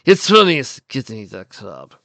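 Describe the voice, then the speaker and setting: A man voicing a pompous male villain pony who speaks in slow, drawn-out lines. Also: mid-range voice, big pitch swings, vocal fry, sharp tone, no room sound, heavily acted. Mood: scheming.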